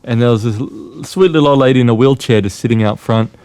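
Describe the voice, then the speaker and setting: A man's voice: medium pitch, fast talker, a little mellow, clean tone, no room sound. A man, a podcast co-host in casual conversation who laughs often and keeps the talk going with short replies.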